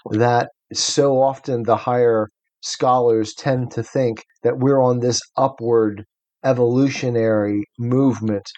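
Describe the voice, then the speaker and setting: A man of medium pitch thinks aloud in relaxed conversation, often starting a sentence again as he works toward his point. He talks in a thoughtful, unhurried, exploratory way. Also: muffled recording. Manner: thoughtful, hesitant, restarts sentences. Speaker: podcast co-host. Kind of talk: casual discussion.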